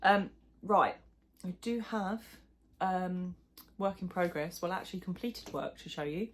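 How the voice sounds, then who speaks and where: A woman's voice: lowish voice, normal speed, few pauses. A middle-aged woman chatting casually in a crochet vlog, rambling and self-deprecating, with plenty of fillers. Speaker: crochet vlogger. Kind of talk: casual chat.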